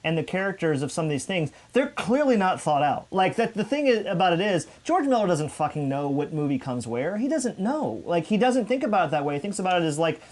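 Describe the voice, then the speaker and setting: A man co-hosts a podcast in casual chat. His voice sits high and he talks animatedly, dropping swear words freely. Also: sing-song, a little fast, hardly any pauses, darkish tone. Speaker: podcast co-host.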